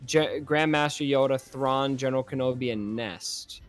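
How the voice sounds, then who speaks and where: A young man co-hosting a casual gaming chat show, reading viewer comments, chatty and excitable. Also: medium pitch, moderate pace, faint music behind. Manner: chatty, excitable, laughs often. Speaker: podcast co-host.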